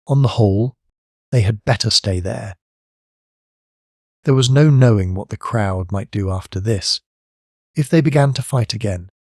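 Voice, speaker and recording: A man reads a classic tale aloud as an audiobook narrator, in a steady, measured way. His voice is low and sits close to the mic. The sound is dry, with no room around it. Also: no echo. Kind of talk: scripted narration of a classic story.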